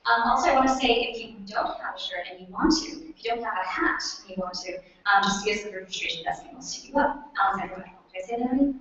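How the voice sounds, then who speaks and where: A woman's voice: medium pitch, quick pace, few pauses, fairly bright tone. Woman host guiding a room, echoey. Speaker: hackathon organizer. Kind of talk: running event introductions. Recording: distant roomy lo-fi recording.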